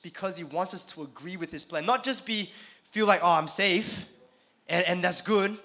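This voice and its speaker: A man preaching to a youth conference in a conversational, animated way, often checking in with the crowd. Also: high voice, a little fast. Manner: conversational, frequent "right?" tags, animated. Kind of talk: sermon. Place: conference hall.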